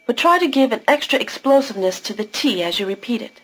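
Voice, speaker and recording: A woman with a fairly high voice narrates a recorded language lesson. She talks slowly and clearly, explaining pronunciation one step at a time. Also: animated, a bit bright, poor audio. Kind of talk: scripted instructional narration.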